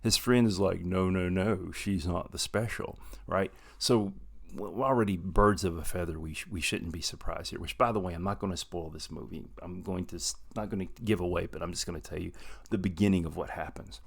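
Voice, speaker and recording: A man casually reviewing a movie to camera, animated and excitable, swinging between loud bursts and quiet asides. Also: sits low, a little fast, creaky.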